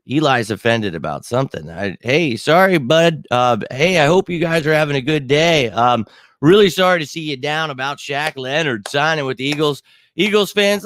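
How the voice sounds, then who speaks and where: A man's voice: mid-range voice, fairly bright tone, no echo. A man hosting a casual live sports stream, cocky and rambling, full of fillers and asides to his viewers. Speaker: sports channel host.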